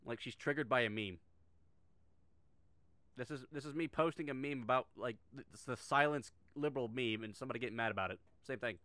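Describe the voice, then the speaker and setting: A man's voice: mid-range voice, fairly quick, bright, forceful tone, no room sound. A middle-aged man giving a sarcastic, heavily profane reaction commentary, often restarting his sentences. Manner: sarcastic, swears a lot, frequent restarts.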